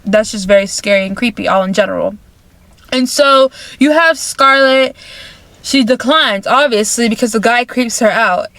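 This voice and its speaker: A woman vlogger with a somewhat high voice, talking through a movie plot in loose, chatty fashion. She repeats phrases and leans on filler words. The sound is dry and close. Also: moderate pace, a bit bright, dry recording. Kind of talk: casual movie recap.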